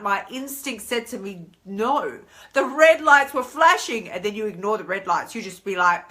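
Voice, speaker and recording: An Australian woman in her thirties talking casually on a live stream as a coach, chatty and animated, acting out inner voices. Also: mid-range voice, unhurried, hardly any pauses. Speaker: weight-loss coach hosting a live stream.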